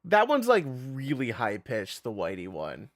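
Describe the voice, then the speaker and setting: A man's voice: medium pitch, wildly swooping pitch, measured pace, no echo, studio quality. A man giving casual live-stream commentary while playing a game, rambling, interrupting himself and laughing often.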